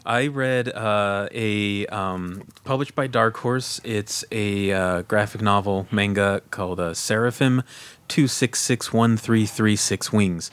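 A man with a fairly low voice talks through a recommendation on a podcast. He is relaxed and explanatory and fills his pauses with ums. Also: smooth. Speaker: podcast co-host. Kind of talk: casual chat.

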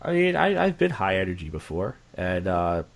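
Blunt, rambling man with a low voice. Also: big pitch swings, moderate pace, vocal fry. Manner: rambling, repetitive, blunt and profane. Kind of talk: candid casual conversation.

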